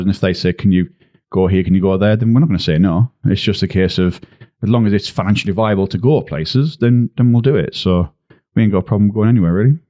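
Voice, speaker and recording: Relaxed Teesside man chatting. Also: lowish voice, no room sound, muffled recording. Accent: Teesside English. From Middlesbrough, England. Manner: relaxed storytelling with frequent ums and restarts. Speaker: podcast guest, security installer. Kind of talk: casual podcast chat.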